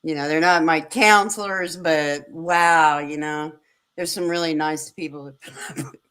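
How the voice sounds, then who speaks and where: A woman co-hosting a livestream, speaking haltingly with many fillers and a self-deprecating tone. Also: low voice, fairly even intonation, fairly bright tone, smooth. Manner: slow, halting, laughs often, self-deprecating. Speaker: co-host of a livestream show. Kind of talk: casual chat.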